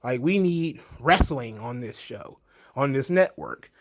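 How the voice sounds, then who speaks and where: A man's voice: medium pitch, expressive, measured pace. A man voicing a pushy, scheming TV network owner who makes demands and throws insults. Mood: demanding.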